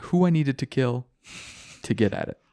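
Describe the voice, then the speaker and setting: A man's voice: medium pitch, expressive, moderate pace, mellow. Joking man hosting a casual podcast. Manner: joking, breaks into mock voices. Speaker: podcast host. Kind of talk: casual chat.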